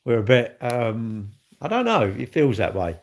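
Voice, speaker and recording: Gravelly-voiced man rambling on a live stream. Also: medium pitch, sing-song, measured pace. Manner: rambling, chatty, reads and answers viewer comments. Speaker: livestreamer and car dealer. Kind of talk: casual live stream chat. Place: at work, indoors.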